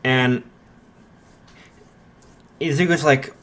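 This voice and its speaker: A man casually improvising a fan story out loud, rambling with lots of fillers. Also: medium pitch, fairly even intonation, drawn-out words.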